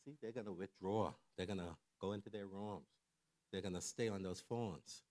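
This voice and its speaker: Animated middle-aged male church speaker. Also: deep voice, moderate pace. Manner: animated storyteller who acts out quoted voices; conversational, keeps checking in with the audience. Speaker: church speaker on family and mental health. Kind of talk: lively sermon-style talk to a congregation.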